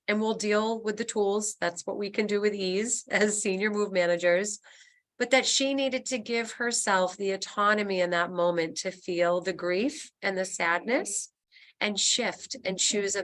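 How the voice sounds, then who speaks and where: A middle-aged woman leads a webinar about planning life changes, speaking as a senior move manager. Her voice is bright and clear, and she talks in an encouraging, reassuring way. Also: medium pitch. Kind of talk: webinar presentation.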